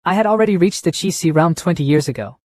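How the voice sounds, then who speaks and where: A man's voice: a little high, fast, a little mellow, no echo, close to an everyday voice. A man voicing a scheming, boastful old male monk who talks in a mocking, gloating way.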